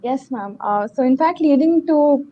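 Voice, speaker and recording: A woman's voice: sits high, expressive, moderate pace, a little hiss or hum. Polite woman moderator, dull audio. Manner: polite, deferential. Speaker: session moderator.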